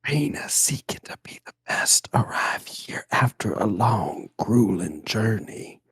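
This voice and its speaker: Man doing a whispered role-play, deep male narrator, breathy whisper, slow hushed delivery, very dry close sound. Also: very animated, no room sound, exaggerated voice.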